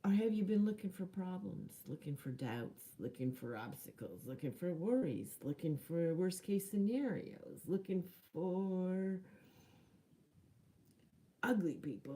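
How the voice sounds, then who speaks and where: A woman's voice: lowish voice, lively intonation, unhurried, warm tone. A woman giving a chatty, earnest motivational talk to camera, with laughs and dramatic whispered lines. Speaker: spiritual life coach.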